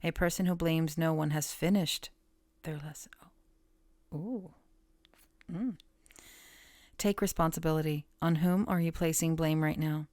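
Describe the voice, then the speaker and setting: Low, soft-spoken woman reading tarot. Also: no room sound. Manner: soft-spoken and musing, trailing off and restarting. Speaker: tarot reader.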